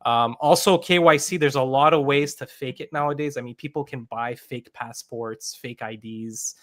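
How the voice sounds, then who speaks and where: A man with a voice of ordinary pitch, the guest developer on a casual gaming podcast. He explains his ideas one step at a time and fills the pauses with "like," "um" and "you know.". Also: fairly bright tone. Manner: explains step by step with many fillers.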